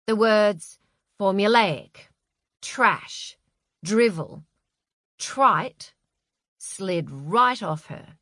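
Woman reading a novel aloud, slow and wry, dry close mic. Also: medium pitch, dry recording. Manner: wry, expressive storytelling. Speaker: audiobook narrator. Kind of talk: scripted narration.

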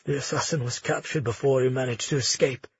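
A man voicing a grief-crazed young prince who shouts demands and pleas. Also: mid-range voice, fairly even intonation, fairly quick, slightly rough, no room sound, lo-fi sound. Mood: grim, controlled.

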